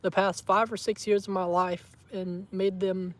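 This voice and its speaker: A man, chatting warmly and emotionally to his viewers in a casual vlog, teasing them and saying y'all a lot. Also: sits high, flat delivery, unhurried. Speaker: vlogger.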